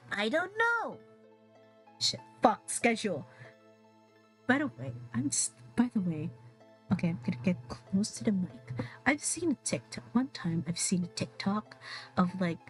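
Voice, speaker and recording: Young woman streamer, slow-talking with a higher voice, rambling and cursing, faint music underneath. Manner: rambling, swears a lot, laughs often. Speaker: VTuber streamer. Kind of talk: casual stream chat.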